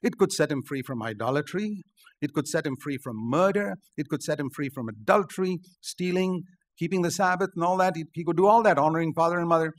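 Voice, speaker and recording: An older man preaching a sermon, emphatic, rising on key points and dropping low. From India. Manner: emphatic, rises to stressed points then drops low.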